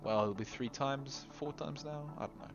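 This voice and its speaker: Chatting casually as he plays a game, a man with a mid-range voice at a moderate pace hums little tunes, gets exasperated with the game and laughs at himself. It's a let's-play recording, slightly dull and lo-fi, with faint music behind him.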